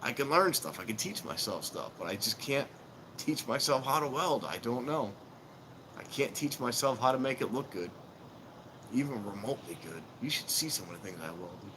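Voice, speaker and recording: A man's voice: medium pitch, lively intonation, moderate pace, noisy background. A middle-aged man chatting casually on a live stream, telling rambling, self-mocking stories outdoors.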